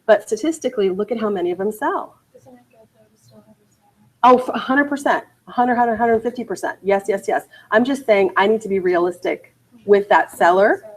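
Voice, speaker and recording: Give me an emphatic woman trainer lecturing a class at a middle pitch. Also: low-quality recording. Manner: energetic, repeats "okay" and "you guys", emphatic. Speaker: real estate trainer. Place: training room.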